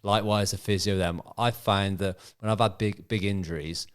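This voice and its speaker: A man, an ex-footballer co-hosting a podcast, speaking in a thoughtful, measured way in casual chat. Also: fairly low pitch, steady tone, smooth.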